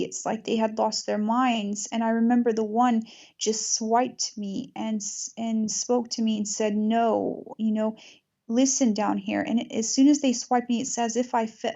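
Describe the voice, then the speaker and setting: Flat-voiced gravelly woman host. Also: on the high side, normal speed, highs cut off. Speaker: podcast host. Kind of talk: casual spiritual conversation.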